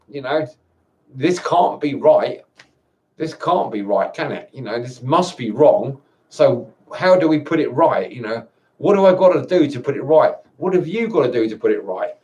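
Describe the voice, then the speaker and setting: A man in a personal video monologue, tired and upset, talking in halting bursts with repeated words and frequent swearing. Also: on the high side, a little mellow. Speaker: vlogger. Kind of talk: emotional personal monologue to camera.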